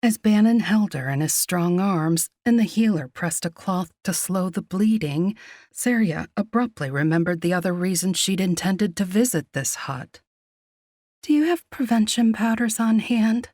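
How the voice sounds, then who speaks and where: A woman giving scripted, measured narration of a romance audiobook. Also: lowish voice, darkish tone, no room sound, clean studio sound.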